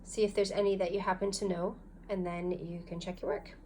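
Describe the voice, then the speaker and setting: A woman's voice: mid-range voice, steady tone, brisk, dark tone, slight background noise. Patient woman teaching a phonics lesson. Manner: patient, step-by-step instructing. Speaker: language teacher.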